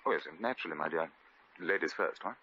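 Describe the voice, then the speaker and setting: A man's voice: deep voice, expressive, quick pace, sharp tone, slight background noise. An actor playing a genteel, lovestruck English lord in a 1950s radio drama, fussy and stammering as he dotes on his sweetheart. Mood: doting. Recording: dull old radio recording.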